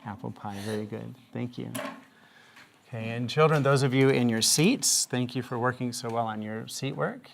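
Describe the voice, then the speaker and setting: A male teacher leading a reading lesson, speaking at an ordinary pitch with a gravelly edge. He asks patient, encouraging questions in a classroom, with a faint hiss in the recording. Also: normal speed.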